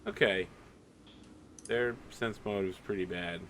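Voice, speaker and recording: A man's voice: deep voice, slow, fairly bright tone, slight background noise. A man running a tabletop game as game master, narrating casually with lots of fillers.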